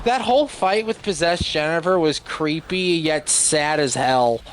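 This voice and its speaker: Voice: mid-range voice, a little slow. A guest on a game stream talking in a flustered, rambling way in casual chat. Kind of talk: casual let's-play chat.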